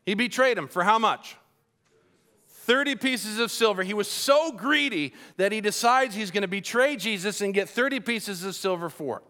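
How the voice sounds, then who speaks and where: Bright-voiced preacher telling a lively story. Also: male voice, high-pitched, normal speed. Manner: animated storytelling, folksy asides. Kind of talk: sermon.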